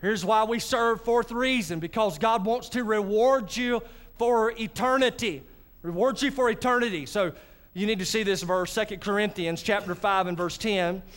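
A man's voice: high voice, moderate pace, a bit bright, clear, resonant tone. A male pastor, preaching a sermon in a church and talking directly to his congregation. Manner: conversational preaching with asides to the congregation. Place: church sanctuary.

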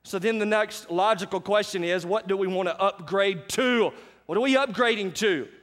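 High-voiced pastor preaching in a hall. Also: male voice, normal speed. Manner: animated storytelling, asks the congregation questions. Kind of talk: sermon.

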